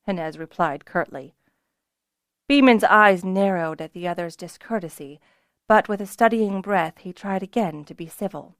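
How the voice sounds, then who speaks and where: A woman's voice: normal speed, dry recording, studio quality. A woman narrating a fantasy audiobook as scripted narration, giving the characters' lines with more lift and volume. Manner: voices characters with rises in pitch and volume.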